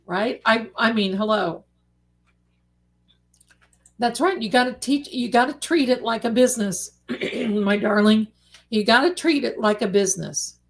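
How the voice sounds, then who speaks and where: A woman hosting a casual late-night livestream, chatty and animated, calling her viewers darlings. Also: on the high side, a little slow, pauses often. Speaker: livestream host.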